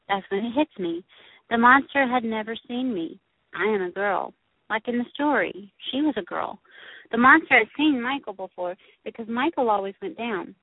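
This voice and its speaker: A woman's voice: mid-range voice, creaky, slightly rough, no room sound. A woman reading a first-person story in the voice of a young girl, told in a plain, childlike way. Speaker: audiobook narrator. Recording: tinny, phone-like dry recording.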